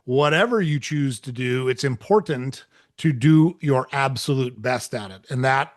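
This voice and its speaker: A man's voice: mid-range voice, unhurried. A man hosting a podcast interview. He talks enthusiastically and turns to address the audience directly. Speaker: podcast host. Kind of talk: casual interview chat.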